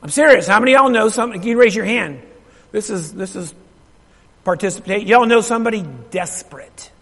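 A man preaches in a church, his voice very high and gravelly. He keeps asking the congregation questions and repeating lines for emphasis, and he swings from loud, emphatic bursts to a hushed near-whisper. A long reverb from the hall trails every phrase. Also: fairly quick. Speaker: pastor. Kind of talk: sermon. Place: church sanctuary.

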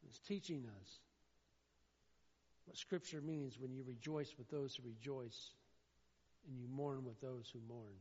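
A man preaching a sermon, swinging between loud, emphatic declaiming and quieter asides. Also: medium pitch, measured pace, pauses often, breathy edge. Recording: dull sound in a reverberant hall.

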